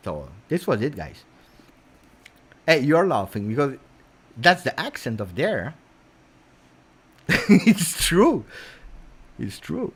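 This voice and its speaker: Italian man hosting a football livestream, lively pitch, chatty with fillers. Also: measured pace, long pauses, slightly rough. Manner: animated, chatty, many fillers. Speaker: football channel host. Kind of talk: casual livestream chat.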